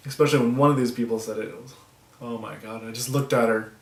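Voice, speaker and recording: A man talking to the camera in a soft, halting way, breaking off with nervous laughs and long pauses. His voice has an average pitch. It sounds roomy and echoey, with the mic set back from him. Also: fairly even intonation, recorded from a distance. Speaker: vlogger. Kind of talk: personal vlog talking to camera.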